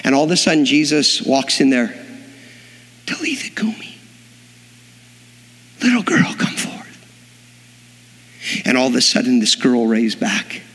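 A man's voice: mid-range voice, animated, a little fast, hardly any pauses, a bit bright. A man preaching a sermon, telling the story dramatically and acting out the voices of the people in it. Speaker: pastor. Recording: long hall reverb.

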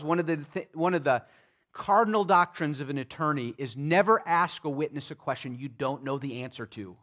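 A pastor preaching a sermon in an emphatic, conversational way, with frequent restarts and vivid asides. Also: male voice, a little high, fairly bright tone.

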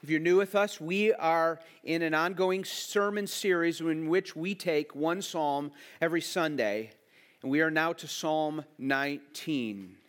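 Man, pastor, sermon, slightly higher voice, slow deliberate emphatic reading. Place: church sanctuary.

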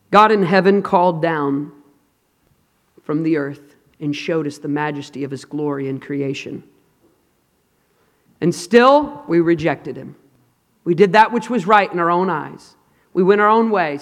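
Male preacher, high voice, dramatic hushed-to-loud delivery, long hall reverb. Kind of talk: sermon. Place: large hall with an audience.

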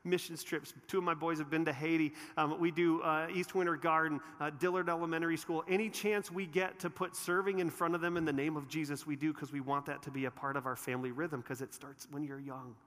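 Pastor, man, 40s; bright, tense voice; storytelling sermon, reverberant church hall. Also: fairly high pitch, fairly quick, hardly any pauses. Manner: animated storytelling, many restarts and filler. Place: church auditorium.

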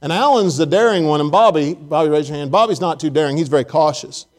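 A man preaching a sermon in a relaxed, conversational way, joking and talking directly to his congregation. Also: fairly high pitch, quick pace. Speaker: pastor. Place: church service.

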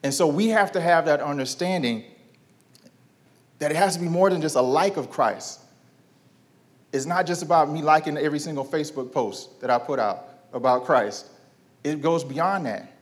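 A man in his thirties delivering a sermon in a relaxed, conversational way. He leans on rhetorical questions and repeats his key lines. He draws call-and-response from the congregation. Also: on the high side, normal speed. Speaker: pastor.

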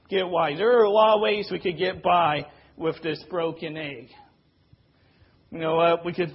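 A man's voice: a little high, breathy edge. A man preaching a sermon in an earnest, repetitive way, leaning on rhetorical questions. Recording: dull lo-fi recording.

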